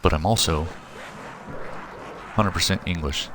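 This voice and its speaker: A man's voice: deep voice, a little slow, background noise. A man in his thirties from Missouri, streaming a video game at home at night and chatting loosely with his viewers, rambling and correcting himself as he goes. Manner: rambling, chatty, answers chat messages aloud, self-correcting. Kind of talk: casual live-stream chat while gaming. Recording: game music and gunfire under voice.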